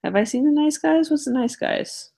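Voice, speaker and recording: A woman's voice: sits high, moderate pace, gravelly, dark tone. A woman co-hosting a podcast, chatting casually about a movie, teasing and swearing freely. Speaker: podcast co-host.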